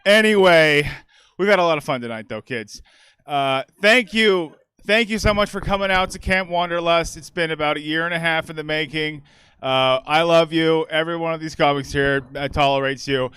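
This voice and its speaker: Bright, campy male comedy host. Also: a little high, moderate pace, clean tone, no echo. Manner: campy, playful self-praise. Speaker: show host. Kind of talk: closing remarks on stage. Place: comedy theater stage.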